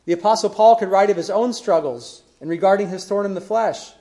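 A man's voice: sits high, a little fast, mellow. A man preaching a sermon in an earnest way, building emphasis through questions. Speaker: pastor.

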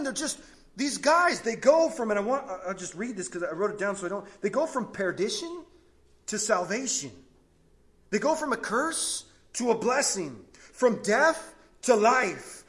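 A man preaching a sermon, telling a Bible story with animated, vivid storytelling, often breaking off and restarting mid-sentence. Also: very high voice. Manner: animated storytelling, frequent self-interruptions.

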